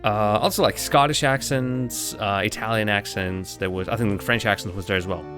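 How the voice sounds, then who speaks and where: A man's voice: fairly low pitch, normal speed, a bit bright, soft background music. Rambling man streaming a game. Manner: thinks aloud, rambling with restarts. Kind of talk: casual live-stream commentary.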